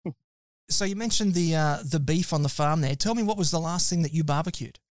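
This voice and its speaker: Chatty Australian male podcast host, upbeat and easygoing, higher pitch, dry sound. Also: fairly quick, dry recording. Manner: upbeat, chatty, with loose fillers. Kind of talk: live podcast chat.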